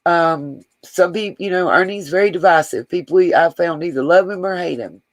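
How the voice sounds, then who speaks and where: At a normal speed and medium pitch, this man talks affectionately and aimlessly to his livestream audience, reading their comments aloud and addressing them head-on. The recording is dry and low quality.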